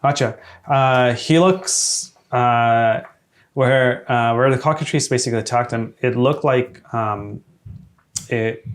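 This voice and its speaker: A man running a tabletop game as game master, hesitant with many fillers and quick to laugh. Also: medium pitch.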